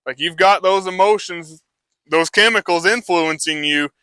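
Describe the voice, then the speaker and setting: A man's voice: sits high, normal speed, bright, forceful tone, clear, resonant tone, dry recording. A man who trains horses, talking a live audience through a demonstration in a casual, rambling way full of fillers.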